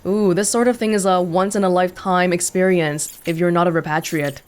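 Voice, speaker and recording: A woman's voice: fairly low pitch, steady tone, brisk, smooth. A woman casually commenting while playing a video game, chatty and thinking aloud. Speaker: let's play host.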